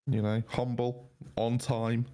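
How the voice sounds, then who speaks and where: A man's voice: mid-range voice, level tone, slow, dark tone, smooth. A man streaming a game with friends over a voice call, telling dry, self-mocking jokes with a straight face. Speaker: streamer playing in an online group game. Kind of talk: casual banter on a voice call.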